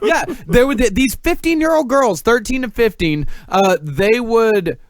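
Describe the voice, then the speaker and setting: A man's voice: very high-pitched, lively intonation, unhurried. A man hosting a podcast, narrating a researched story with wry asides to his co-hosts. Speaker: podcast host.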